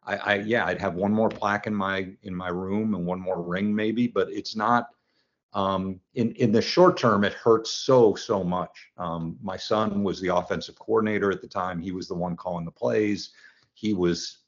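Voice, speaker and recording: A man's voice: low-pitched, fairly even intonation, moderate pace. A man in his sixties, a football coach, telling his story in an earnest, reflective way as an interview guest. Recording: dull lo-fi sound.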